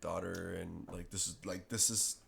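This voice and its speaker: A man's voice: sits low, flat delivery, creaky, a bit bright, slight background noise. A man hosting a podcast in casual chat, chiming in with short asides and prompts to his guest. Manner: chimes in with quick asides and prompts. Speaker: podcast host.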